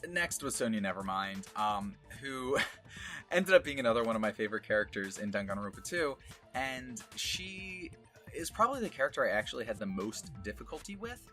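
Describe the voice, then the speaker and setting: A man's voice: mid-range voice, very animated, fairly quick, bright, forceful tone, faint music behind. A man voice actor talking casually about his past roles, rambling with many fillers and small laughs. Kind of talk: casual retrospective talk.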